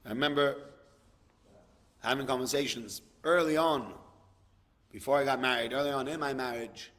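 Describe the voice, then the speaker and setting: Rabbi preaching in a reverberant hall. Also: male voice, mid-range voice, moderate pace, a bit bright. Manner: conversational, acts out dialogues, repeats words for emphasis. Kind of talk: sermon.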